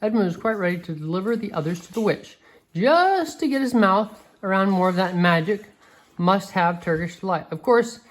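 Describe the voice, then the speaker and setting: A woman reading a picture book aloud to a child, gentle and expressive, with a few slips and restarts. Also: mid-range voice, moderate pace, poor audio. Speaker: reader.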